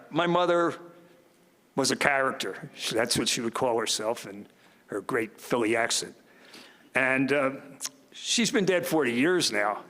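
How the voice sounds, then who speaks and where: A man's voice: medium pitch, fairly bright tone. Older man telling folksy stories in a hall. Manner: folksy storytelling with self-deprecating humor. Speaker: student commencement speaker. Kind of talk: commencement speech. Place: large ceremony hall. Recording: long reverb of a large hall.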